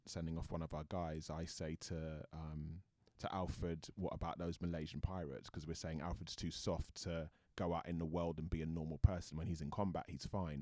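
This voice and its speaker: British man, very low voice, dead dry recording, casual interview, reflective. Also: a little mellow, no echo. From Britain. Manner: thoughtful, restarts often, talks it through. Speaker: actor guest.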